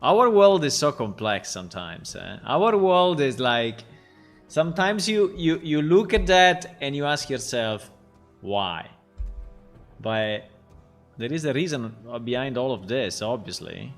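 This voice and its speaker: Slow, lively game dev streamer man. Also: mid-range voice, soft background music. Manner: rambling, amused, thinks aloud. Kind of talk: live development stream chat.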